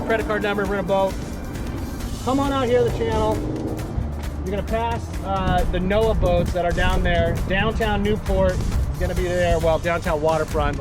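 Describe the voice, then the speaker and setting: A man hosts a casual coastal fishing vlog, chatty and self-mocking. His voice sits a little high. Clear background music runs under his talk. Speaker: fishing channel host.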